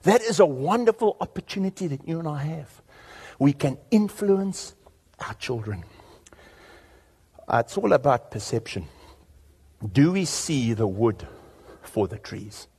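A man preaching a sermon as pastor, telling stories with big, animated swings in his voice. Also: on the high side, measured pace, pauses often, husky.

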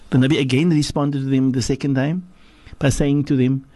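Husky-voiced preaching man on radio. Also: quick pace, hardly any pauses, a little mellow, no echo. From South Africa. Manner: preaching, emphatic, swings from low to high. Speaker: sheikh giving religious teaching. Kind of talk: radio religious talk. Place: radio studio.

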